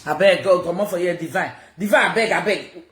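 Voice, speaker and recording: A woman's voice: on the low side, fairly quick, echoey room. A woman with a Nigerian accent, ranting confrontationally to viewers on a livestream and slipping into Pidgin. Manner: loud, confrontational, mixes in Pidgin. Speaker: social media personality. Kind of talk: livestream rant.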